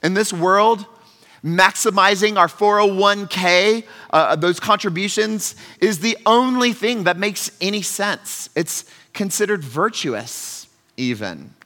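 Bright-voiced pastor in a reverberant hall. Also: male voice, high voice, takes it slowly. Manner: conversational, earnest, shifts between loud emphasis and soft asides. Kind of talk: sermon.

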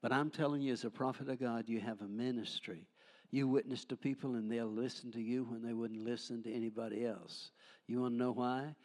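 A man's voice: medium pitch, steady tone, fairly quick, darkish tone. An older man preaching a charismatic sermon, fervent and folksy, breaking into frequent hallelujahs and jokes.

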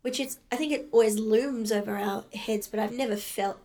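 A woman's voice: medium pitch, moderate pace, a crowd in the background. A woman co-hosting a podcast, casually explaining history, laughing often and swearing freely. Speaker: podcast co-host.

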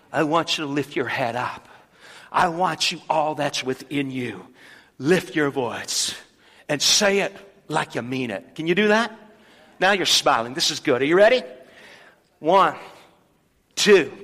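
A man's voice: on the high side, lively intonation, a little slow, pauses often. A man preaching a sermon as pastor in a church, rallying the congregation to repeat a verse aloud. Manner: leads the congregation in loud call-and-response. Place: church sanctuary. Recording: long hall reverb.

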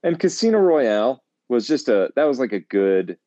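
A man's voice: medium pitch, very animated, normal speed, dark tone, dry recording. A young man co-hosting a podcast in goofy, joking casual chat. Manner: goofy, laughing, jokey put-on accents. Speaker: podcast co-host. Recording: dull lo-fi sound.

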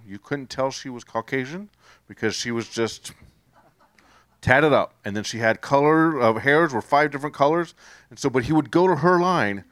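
A man speaks in an earnest, rambling way as he tells his faith testimony to a group. His voice sits at an ordinary middle pitch. The sound is dry and close. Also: a bit bright, no room sound.

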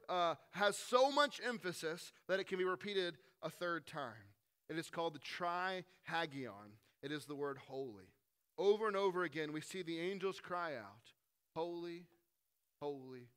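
Bright high-voiced male preacher. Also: expressive, smooth. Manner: conversational preaching, swinging from loud and quick to hushed and slow. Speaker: pastor. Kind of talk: sermon.

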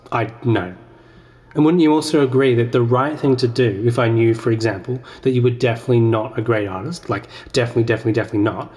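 A man's voice: medium pitch, darkish tone. Man, podcast host, comic monologue, rambling, self-deprecating. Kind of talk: comedic sketch monologue.

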